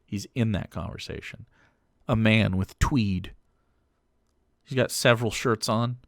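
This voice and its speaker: A man's voice: on the low side, measured pace, dry recording, clean studio sound. A man streaming live who mocks a clip in casual, profane commentary. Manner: mocking, profane, swings between jokes and asides.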